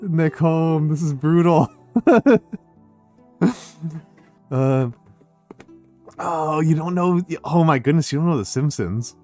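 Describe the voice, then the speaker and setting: A man's voice: on the high side, slow pace, pauses often, darkish tone, faint music behind. A middle-aged man streaming, chatting casually with his audience, laughing often and using many fillers. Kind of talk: casual live-stream chat.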